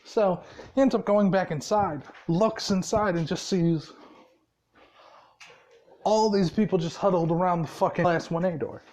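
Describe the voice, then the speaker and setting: A tired man retells a fan story off the cuff. He talks slowly and drawls, pausing on fillers. He swears freely as he rambles along. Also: high voice, darkish tone. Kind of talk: casual unscripted story retelling.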